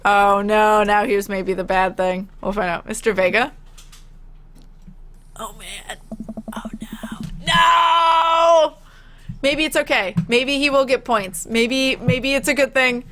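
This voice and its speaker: A woman streamer giving casual let's-play commentary, excitable and gushing, quick to laugh and squeal over what happens on screen. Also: mid-range voice, slight background noise. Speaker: gaming streamer.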